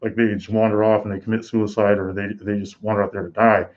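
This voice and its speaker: A man with a fairly low voice hosts a live reaction commentary and rambles casually through his thoughts, full of fillers and restarts. The sound is dull and lo-fi, like a basic home mic. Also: little pitch movement, quick pace. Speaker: host.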